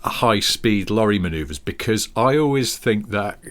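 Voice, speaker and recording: A man's voice: on the low side, animated, a little slow, a bit bright. A man co-hosting a casual podcast chat, telling a story in a wry way. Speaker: podcast co-host. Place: home.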